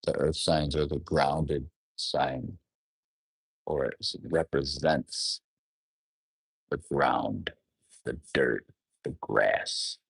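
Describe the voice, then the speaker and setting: Solo male host, very deep and unhurried, dry close sound, thinks aloud and rephrases often. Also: vocal fry, breathy edge, no room sound. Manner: musing, often rephrasing and trailing off mid-thought; asks the listener reflective questions. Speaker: astrologer. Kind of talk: unscripted solo monologue.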